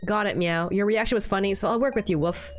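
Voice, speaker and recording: A woman's voice: medium pitch, quick pace, close to an everyday voice. Woman doing a perky cat-kid game character, tacks meow or woof onto every line, faint game music behind. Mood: playful. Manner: ends lines with meow or woof. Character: cheerful catlike young boy, says meow and woof.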